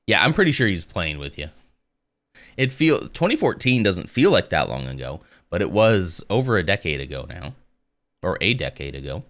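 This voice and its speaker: A man with a low voice speaks loosely and conversationally. He drifts between reading text aloud and replying to his live audience. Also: normal speed. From United States. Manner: relaxed and rambling, reads text aloud and answers chat. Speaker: live streamer. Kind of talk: casual live-stream chat and reading aloud.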